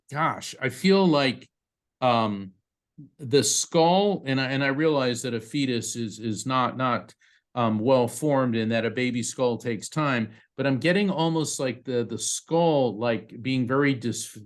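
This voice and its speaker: A man working as a psychic medium, giving a live reading to a participant over a video call in a quick, conversational way, often restarting his sentences. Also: mid-range voice. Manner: fast, restarting, conversational delivery.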